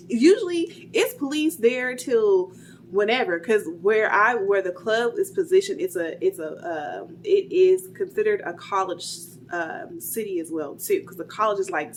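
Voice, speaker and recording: A young woman recounting something that happened to her in a loose, chatty storytime way. Her voice sits at a middle pitch, and she keeps stringing her sentences along with little fillers. A faint hiss of noise runs under her voice. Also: normal speed. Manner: chatty, retells dialogue, many "like" fillers. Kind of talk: casual storytime.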